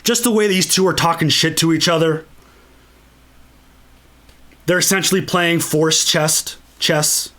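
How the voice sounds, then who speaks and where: A man hosting a solo podcast, talking casually and excitedly, swearing a lot and acting out lines from movies. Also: on the high side, measured pace, long pauses. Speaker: podcast host.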